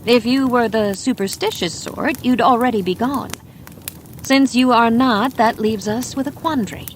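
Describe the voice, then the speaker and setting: A woman narrating a bedtime mystery audiobook in a calm, soft, unhurried manner. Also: a little high, a little hiss or hum. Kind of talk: slow bedtime story narration.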